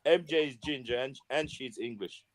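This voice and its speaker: A man's voice: medium pitch, normal speed, crowd noise. Stammering man from Jamaica teasing on a call. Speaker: panel caller. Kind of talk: casual panel banter. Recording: phone call with crosstalk behind.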